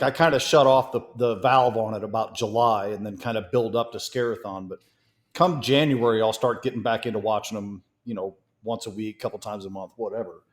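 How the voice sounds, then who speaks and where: A man co-hosts a casual podcast, talking in an easy, rambling way and thinking out loud as he goes. His voice sits at an ordinary pitch. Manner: relaxed, rambling, thinks aloud. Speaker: podcast co-host.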